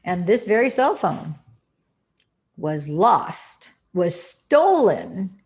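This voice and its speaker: A woman meditation teacher guiding a meditation and speaking about spirituality, with slow, soothing, drawn-out phrasing and earnest emphasis. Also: medium pitch, sing-song, darkish tone. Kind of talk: guided meditation and spiritual talk.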